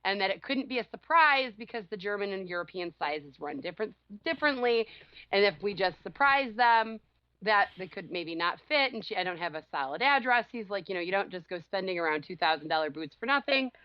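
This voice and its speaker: A woman co-host tells a story in loose, casual chat. She is animated and quick to laugh. Her voice sits close on a dry, slightly dull studio mic. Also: medium pitch, no room sound. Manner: animated, laughs often, acts out quotes loudly. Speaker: podcast co-host.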